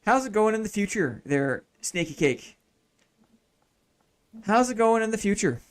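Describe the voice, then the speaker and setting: His high-sitting voice swings widely in pitch and takes its time as he streams a city-building game. He muses aloud in relaxed commentary, echoes his own phrases, and talks with viewers between moves.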